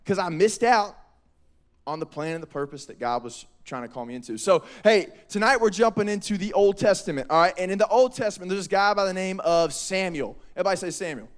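A youth pastor with a high, bright-toned voice preaches to a group of young people. He talks in a casual, slangy, energetic way and acts out the people in the story in quick voices. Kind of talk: youth sermon.

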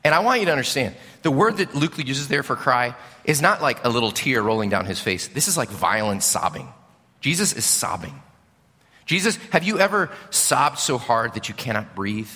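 Animated male preacher in a reverberant church. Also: medium pitch. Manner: animated storytelling, rising and falling. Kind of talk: sermon. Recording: long reverb of a large hall.

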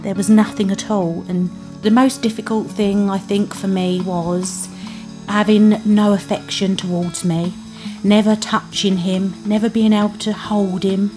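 A British woman with an earnest, plain-spoken, emotional delivery tells her own story as a mother. Her voice sits at an ordinary middle pitch. Music plays clearly underneath her voice. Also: level tone, measured pace. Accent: British English. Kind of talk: first-person storytelling.

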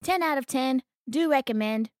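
A woman's voice: high-pitched, normal speed, no echo, studio quality. A woman co-hosting a casual podcast, talking in an enthusiastic, teasing way. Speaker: podcast co-host.

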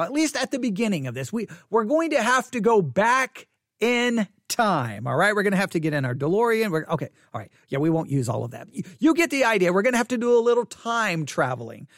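A man preaching from an empty church sanctuary as pastor and podcast host, emphatic and animated, with playful asides. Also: high-pitched, dry recording, studio quality. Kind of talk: live-streamed sermon.

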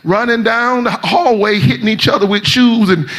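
Very high-voiced shouting preacher man. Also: moderate pace. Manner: shouting, half-sung preaching with rising pitch. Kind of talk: sermon.

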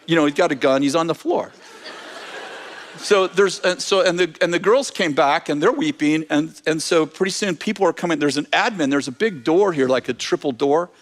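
Male preacher with a slightly high voice who tells his stories animatedly and keeps correcting himself mid-sentence. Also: moderate pace. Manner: animated, self-correcting anecdote telling. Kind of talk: storytelling sermon.

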